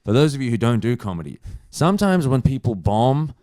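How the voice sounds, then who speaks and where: A young man, a stand-up comedian, telling a story in casual chat, animated and swearing freely. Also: mid-range voice, a little fast, dry recording, studio quality. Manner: animated, swears freely, acts out other people's lines.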